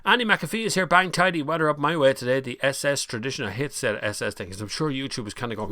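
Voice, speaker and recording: A man's voice: mid-range voice, animated, fast, hardly any pauses, bright, forceful tone, dry recording, studio quality. A middle-aged Irish man hosting a casual live stream, rambling and greeting viewers by name. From Ireland. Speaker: livestream host.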